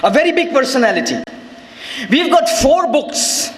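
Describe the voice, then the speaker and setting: Male preacher, very high voice, fervent and emphatic, long hall reverb on the recording. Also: very animated, normal speed. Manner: impassioned, frequently rising to shouts, emphatic repetition. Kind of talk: sermon. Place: large hall with live audience.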